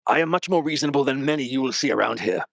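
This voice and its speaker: A man voicing a menacing male dark lord who reads out a soul contract and threatens its bearer. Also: medium pitch, rapid-fire, gravelly, no room sound, pitched above the performer's own voice. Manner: pompous, then coldly threatening.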